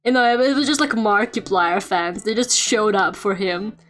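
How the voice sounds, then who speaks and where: Drawing on stream, this young artist keeps up a playful, casual chatter packed with filler words and mock rants. She speaks at medium pitch and a moderate pace while soft game music plays behind her.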